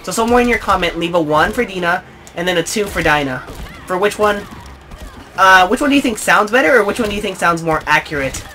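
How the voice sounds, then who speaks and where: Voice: mid-range voice, animated, quick pace, bright, forceful tone, soft background music. A gaming channel host giving casual, rambling let's play commentary, full of fillers and asides to viewers. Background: game sound.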